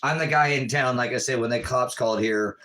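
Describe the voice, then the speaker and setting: A middle-aged man hosting a livestream, talking in a rambling, animated way with quick asides and voices for the people he quotes. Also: mid-range voice, rough recording. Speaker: livestream host.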